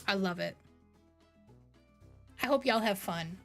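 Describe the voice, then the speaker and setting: A woman in her thirties, a streamer chatting casually with her live chat, rambling between bright greetings and quiet low asides. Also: animated, takes it slowly, gravelly, soft background music.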